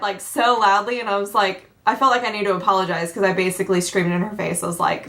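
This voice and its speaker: A woman's voice: fairly even intonation, fairly quick, vocal fry, a bit bright. A woman in her twenties from Tennessee, chatting casually to camera as a beauty vlogger, bubbly and talkative. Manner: bubbly, chatty, acts out quotes with big pitch jumps.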